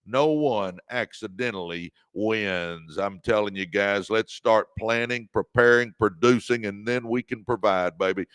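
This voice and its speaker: A man's voice: on the low side, a little slow, hardly any pauses, fairly bright tone, clean tone, no room sound. A man from Dallas hosting a live stream from his room, greeting viewers with enthusiasm and reading out their comments. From Dallas, Texas. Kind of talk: energetic live-stream greeting and motivational talk.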